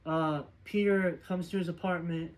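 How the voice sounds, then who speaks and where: A man with a notably high voice talks through a film's story in a loose, chatty recap. He wanders from scene to scene and fills the gaps with plenty of filler words, like an informal reviewer talking straight to the camera. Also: fairly even intonation, moderate pace, rough recording. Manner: rambling, filler-heavy retelling. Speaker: movie reviewer. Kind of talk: casual movie plot recap.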